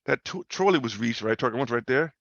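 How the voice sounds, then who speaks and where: A man's voice: medium pitch, expressive, a little fast, a bit bright, no echo. A man hosting a casual trading talk over a video call, loose and slangy, repeating himself and tagging questions onto his points. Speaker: host. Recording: muffled video call audio.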